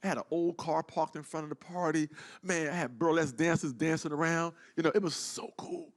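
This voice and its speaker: A man telling a story in casual talk, animated and profane, acting out the people he quotes. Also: on the high side, fairly quick. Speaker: guest.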